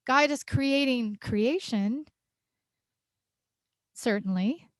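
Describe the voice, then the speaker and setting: A woman minister preaches with heartfelt emphasis and a fairly high voice. She laughs often as she speaks. The sound is dry, with little room echo. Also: very slow. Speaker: senior minister. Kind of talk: sermon. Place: church sanctuary.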